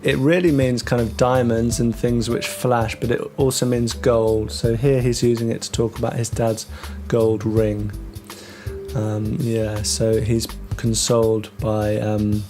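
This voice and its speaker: A man teaching English vocabulary, talking through words with many ums and restarts and slowing down on the key terms. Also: mid-range voice, flat delivery, music in the background. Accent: British English. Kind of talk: explaining vocabulary to learners.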